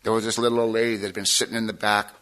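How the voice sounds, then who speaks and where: Bright-voiced streetwise man telling his story. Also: on the low side, little pitch movement, rapid-fire. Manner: streetwise, slangy storyteller who says "man" often; rough, self-mocking humor. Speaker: speaker sharing his story at a recovery meeting. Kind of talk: personal testimony to an audience.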